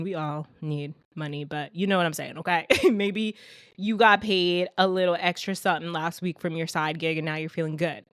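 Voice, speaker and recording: A young adult woman hosting her own podcast in a casual solo talk, animated and talking straight to her listeners like a friend. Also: lowish voice, no echo, studio quality. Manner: animated, talks straight to listeners, calls them "sis" and "girl". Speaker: podcast host.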